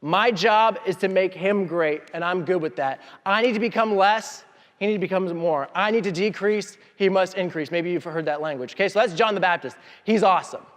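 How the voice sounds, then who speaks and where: A pastor with a high voice preaches a lively sermon. He acts out the people in his story and jokes with the congregation. His voice rings out with the long reverb of a church hall. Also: a little fast. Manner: animated storytelling, acting out voices.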